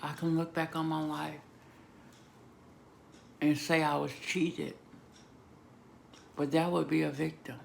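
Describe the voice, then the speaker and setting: A woman vlogger giving an emotional, emphatic personal testimony, moving between hushed and loud moments. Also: low-pitched, little pitch movement, slow pace, vocal fry, long pauses, a little hiss or hum. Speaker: vlogger sharing a personal story.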